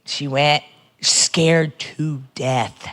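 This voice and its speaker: A pastor telling a story at a church seminar in an animated way, acting out the quoted lines. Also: mid-range voice, extremely slow.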